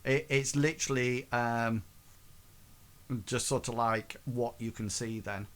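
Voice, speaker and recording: Guy gm narrating a tabletop game, keeps stopping and restarting, ordinary pitch. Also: fairly even intonation, fairly bright tone. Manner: halting, full of restarts. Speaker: game master.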